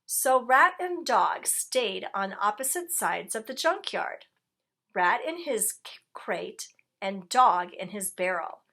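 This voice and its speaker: A woman reading a picture book aloud to children, gently pausing to ask her listeners questions. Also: medium pitch, sing-song.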